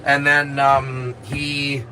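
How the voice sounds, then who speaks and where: A man's voice: mid-range voice, monotone, drawn-out words, pushed and bright, a little hiss or hum, poor audio. A man, a live streamer, telling his viewers a story in a rambling, profane and aggrieved way.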